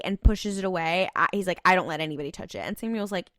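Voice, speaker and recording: A woman with a bright, forceful voice tells the story in casual podcast chat. She quotes characters in quick asides. The sound is close and dry. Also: lowish voice, big pitch swings, no echo. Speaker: podcast co-host.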